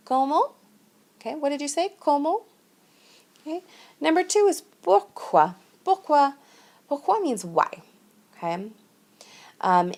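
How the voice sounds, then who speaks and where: A woman records a patient French lesson as a voice-over, walking through each point step by step and checking in with "okay?". Her voice sits mid-range with a touch of gravel. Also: medium pitch. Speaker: French teacher. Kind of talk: recorded classroom lesson narration. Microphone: screen-recording voice-over.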